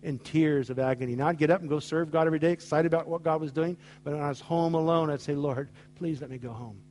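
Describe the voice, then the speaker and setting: A man's voice: on the high side, little pitch movement, fast talker, a little mellow. A middle-aged man preaching a sermon, telling stories with acted-out dialogue in an emphatic way. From United States. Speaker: pastor.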